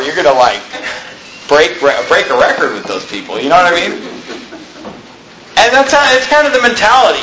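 Male pastor, high bright voice, animated sermon delivery in an echoey hall. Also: moderate pace, pauses often, noisy background. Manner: animated preaching, mimics people in quotes.

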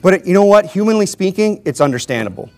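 A man's voice: high-pitched, big pitch swings, fast talker, gravelly. A man preaching a conversational sermon to his congregation, informal and joking, chuckling often and pressing his points with emphatic rhetorical questions. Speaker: Baptist preacher.

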